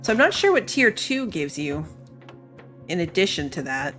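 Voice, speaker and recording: A woman's voice: fairly low pitch, big pitch swings, moderate pace, a bit bright, faint music behind. Tired, chatty woman playing a game. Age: adult with school-age kids. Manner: chatty, rambling, tired and yawning. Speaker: gaming streamer. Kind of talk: casual let's-play commentary.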